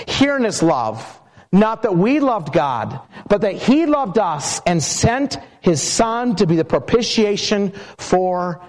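A man preaching a sermon with emphatic, measured phrasing, sometimes slowing to draw out words and telling stories along the way. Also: sits high, a little mellow. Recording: long hall reverb.

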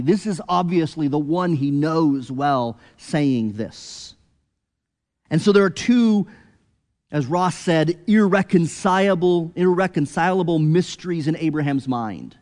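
A man preaching an expository sermon, earnest, rising to emphatic peaks and then dropping low and quiet. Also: lively intonation, measured pace, big-room sound.

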